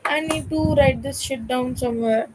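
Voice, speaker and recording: With a noisy background, a student livestreamer from India, a young woman with a high voice, reads a textbook aloud at a moderate pace. She often stops to make distracted, chatty, jokey remarks with swearing.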